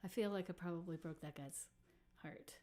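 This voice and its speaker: A woman's voice: lowish voice, moderate pace, warm tone. A woman musician hosting a casual livestream, chatting with viewers in a self-deprecating way and laughing often. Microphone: computer or phone mic on a livestream.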